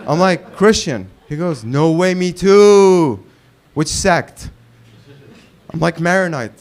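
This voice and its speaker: Animated stand-up comedian host, high-voiced man. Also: takes it slowly. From Lebanon. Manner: loud announcer calls when introducing acts; acts out both sides of dialogues, swearing. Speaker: open mic host and comedian. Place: comedy club stage with live audience.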